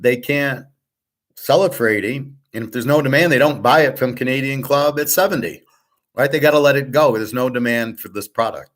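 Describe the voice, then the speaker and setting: A man's voice: mid-range voice, fairly bright tone. A man hosting a casual monologue, talking bluntly and rambling, with the odd swear word. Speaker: host.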